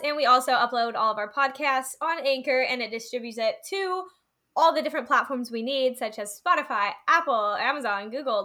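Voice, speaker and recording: High bright young woman podcast host. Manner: giggly storytelling, many "like"s. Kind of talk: casual chat.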